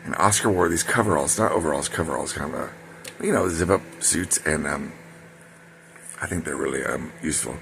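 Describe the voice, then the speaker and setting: Gravelly, bright-voiced older man telling stories. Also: low-pitched, slight background noise. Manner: digressive, full of ums and self-corrections. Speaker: storyteller. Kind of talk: rambling personal storytelling.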